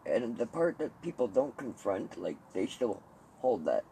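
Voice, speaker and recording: A man hosting a podcast, chatting casually and telling animated stories with swearing, laughter and mimicked voices. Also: medium pitch, a little slow, creaky, background noise. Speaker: podcast host. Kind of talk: casual chat.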